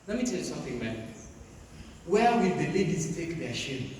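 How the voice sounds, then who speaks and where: A man preaching to a youth seminar, emphatic, moving between loud bursts and quiet asides. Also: fairly high pitch, big pitch swings, normal speed, a little hiss or hum. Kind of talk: sermon. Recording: echoey hall, from far off.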